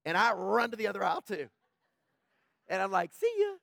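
Man, pastor, sermon, high voice, animated with quiet low stretches, stammered restarts, dry close sound. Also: a little fast, vocal fry, no room sound.

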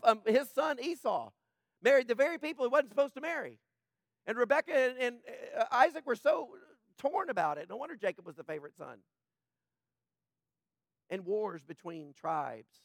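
A man preaching a sermon, animated, with stammered restarts and sudden drops to a low, quiet delivery. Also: creaky, dry recording, clean studio sound. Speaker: pastor.

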